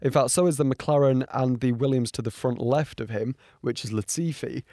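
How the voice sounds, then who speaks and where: A man's voice: medium pitch, fairly even intonation, normal speed, mellow, no room sound, studio quality. Rambling man reacting to race footage. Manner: rambling, frequent ums, indignant. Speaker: motorsport commentator. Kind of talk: casual reaction commentary.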